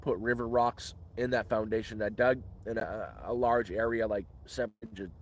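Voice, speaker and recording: A man's voice: fairly low pitch, steady tone, moderate pace, slight background noise. A man hosting a casual live question-and-answer stream outdoors in the woods, rambling and restarting words. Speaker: livestream host.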